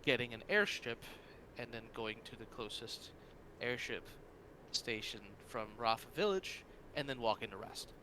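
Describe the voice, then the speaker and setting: Bright-voiced joking man at play. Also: medium pitch, normal speed, slight background noise, low-quality recording. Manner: joking, animated. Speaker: player. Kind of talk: tabletop game chat in character.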